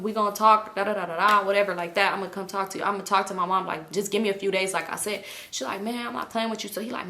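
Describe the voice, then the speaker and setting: A young woman vlogger telling a storytime, animated, acting out quoted voices and swearing freely. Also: medium pitch. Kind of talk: casual storytime.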